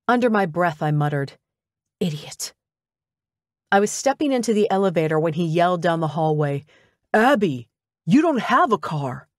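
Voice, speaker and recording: A woman reading a first-person audiobook in an expressive, conversational way. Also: sits low, no echo, studio quality. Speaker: audiobook narrator.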